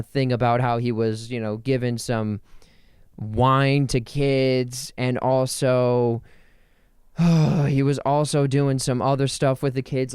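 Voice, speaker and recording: A young man hosting a casual solo podcast from home, rambling and joking, and spelling words out loud as he goes. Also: fairly high pitch, clear, resonant tone, no echo, studio quality. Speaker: podcast host. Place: home in New Jersey.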